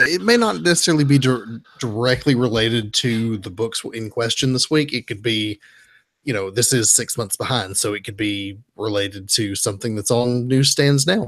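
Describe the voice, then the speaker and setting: A man's voice: medium pitch, dry recording. Laid-back man recapping comics, dry sound. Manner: rambling recaps with restarts. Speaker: podcast host. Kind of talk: casual comic book podcast talk.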